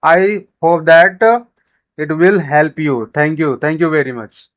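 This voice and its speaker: Slow, high-pitched male teacher with an Indian English accent, repeats his examples, patient classroom delivery. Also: low-quality recording. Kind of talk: grammar lesson.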